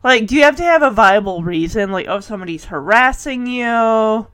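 Recapping a sitcom episode for her podcast, a woman chats casually, giggling and quoting the characters in playful voices. Her voice is a little high and a bit bright, lively in intonation, at a normal speed, with no echo.

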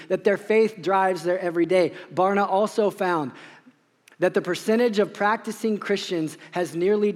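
A high-pitched man in his forties delivers a passionate sermon, driving home his points with urgent, repeated questions. His voice rings out with a long reverb through a church sanctuary. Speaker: pastor.

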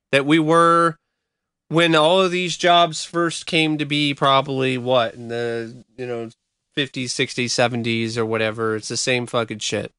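A man's voice: fairly high pitch, sharp tone, clean tone, no echo, clean studio sound. A man co-hosting a casual podcast chat, rambling and hedging with many restarts. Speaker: podcast co-host.

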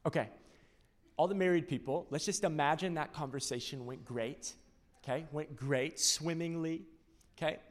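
A male pastor preaching a sermon, animated, acting out little scenes and quotes. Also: fairly high pitch, moderate pace. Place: large church auditorium. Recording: long reverb of a large church.

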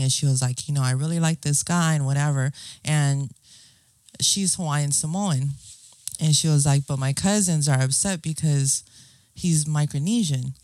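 A woman's voice: low voice, darkish tone, no room sound. A middle-aged woman from Guam, talking earnestly in a casual interview and often asking "you know what I'm saying". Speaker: guest.

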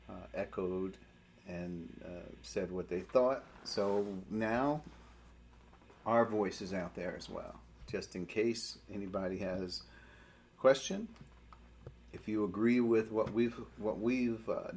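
A man leading prayer and a Bible study, speaking in a halting way as he searches for words. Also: fairly low pitch, darkish tone, a little hiss or hum.

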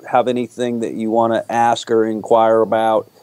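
A man, an actor guest chatting in an interview, talking haltingly with lots of fillers and restarts. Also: fairly low pitch, flat delivery, a little mellow, smooth, no room sound. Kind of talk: casual interview chat.

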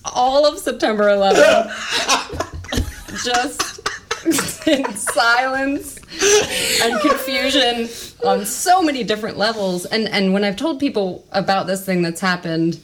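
A woman in her thirties telling a personal story on a podcast, animated and laughing, swearing freely and acting out what people said. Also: fairly high pitch, a little slow, very noisy. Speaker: storyteller guest.

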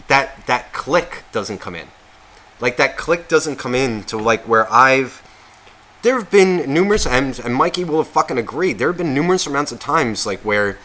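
A man with a bright, forward voice at an ordinary pitch rambles through a casual podcast chat. He swears constantly, restarts his sentences and questions himself out loud. When worked up, he turns loud and heated. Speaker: podcast co-host.

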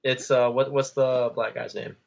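A man's voice: mid-range voice, level tone, normal speed, vocal fry, lo-fi sound, crowd noise. A young man in college, co-hosting a podcast in casual chat, rambling with lots of fillers. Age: young adult. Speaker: podcast co-host.

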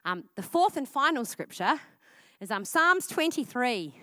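A woman, preaching a casual, energetic sermon at church. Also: on the high side, unhurried, no room sound. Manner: casual and energetic, with frequent "like" fillers.

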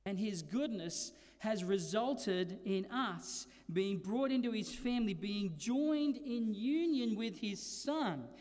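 A man with a high voice preaches a sermon, slowing to hammer home key words and dropping low and quiet between peaks. His voice rings out with a long hall reverb behind it. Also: lively intonation. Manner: preaching with slow emphatic stresses and dynamic swings. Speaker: pastor.

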